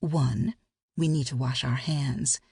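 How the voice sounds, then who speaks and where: A playful grown woman full of teasing wit, voiced by a woman reading a romance audiobook. Her voice jumps up high when she jokes. The tone is gravelly and breathy, close and dry. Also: fairly even intonation, slow, darkish tone, dry recording, exaggerated voice. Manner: teasing, sassy, with pitch leaps.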